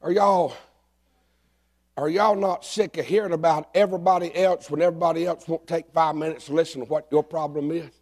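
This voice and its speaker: A middle-aged man preaching a folksy, joking sermon in a church, breaking into shouts. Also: a little high, steady tone, fairly quick. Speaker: pastor. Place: church sanctuary.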